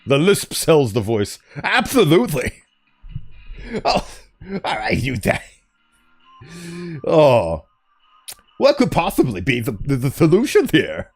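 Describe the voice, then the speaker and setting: Chatty man streaming gameplay, animated and jokey, mid-pitched. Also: slow pace, pauses often, husky, soft background music. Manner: playful, chatty, laughs often. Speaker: streamer playing a game. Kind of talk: casual gameplay commentary.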